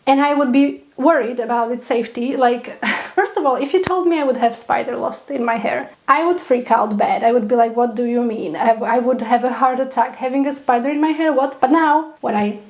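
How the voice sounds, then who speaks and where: Young woman vlogger, high voice, chatty and animated, laughs often; casual storytelling to camera. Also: fairly quick. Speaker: pet spider keeper vlogger.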